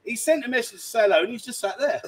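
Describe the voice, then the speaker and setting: Cheeky guy hosting a bar stream, high voice, rambles and teases. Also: animated, rapid-fire, low-quality recording. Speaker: livestream host. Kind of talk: casual banter. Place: bar, indoors.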